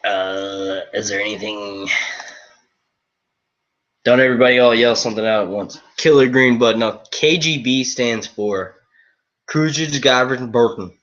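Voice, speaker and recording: A man streaming casual chat to his viewers, excitable and profane, full of slang and jumping between topics. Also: fairly low pitch, normal speed, dull audio. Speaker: YouTube reviewer streaming to viewers.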